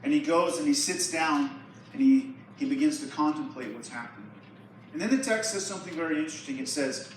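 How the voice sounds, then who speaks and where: A young man preaches to a youth group and retells a Bible story casually. His voice sits a little high. It booms around a large echoey hall, picked up from far off, with faint room noise behind it. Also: very animated, a little fast. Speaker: youth pastor. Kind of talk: sermon. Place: church hall.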